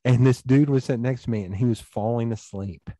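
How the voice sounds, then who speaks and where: Mellow man telling stories. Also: medium pitch, brisk, no room sound. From East Tennessee, USA. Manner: rambling, anecdotal, acts out quoted dialogue. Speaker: podcast guest. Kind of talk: casual storytelling conversation.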